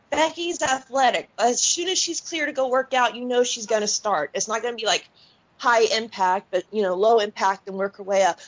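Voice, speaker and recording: Blunt foul-mouthed woman ranting on a podcast, kinda high voice, dull audio. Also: fairly bright tone. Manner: blunt, profane, heated ranting. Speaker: podcast co-host. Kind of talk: casual chat. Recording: dull lo-fi sound.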